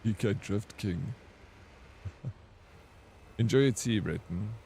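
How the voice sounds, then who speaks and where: A man's voice: on the low side, drawn-out words, dark tone, a little hiss or hum. A man streaming a game, chatting casually and bantering with viewers as he reads their messages aloud. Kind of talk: casual livestream chat.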